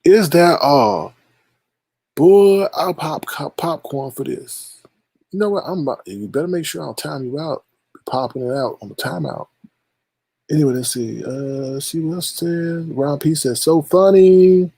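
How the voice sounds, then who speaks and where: Man, gravelly, husky, dry close sound, teasing gossip livestream host. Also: on the high side, a little slow, warm tone, no room sound. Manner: teasing, shady, playful. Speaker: livestream host reading chat. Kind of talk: casual gossip commentary.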